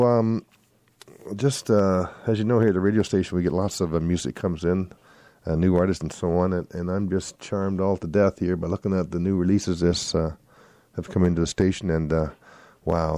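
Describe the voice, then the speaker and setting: Warm and deep, this man's voice moves at a brisk, steady clip as he hosts a swing music radio show. He reads event listings casually and ramblingly, correcting slips as they happen, with no room sound.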